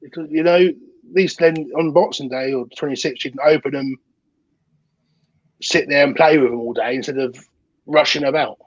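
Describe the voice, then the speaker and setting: A man's voice: on the high side, normal speed, long pauses, no room sound, dull audio. A man from the UK with a British accent, chatting as a guest on a podcast and often repeating words as he starts his sentences. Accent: British English. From United Kingdom. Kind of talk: casual chat.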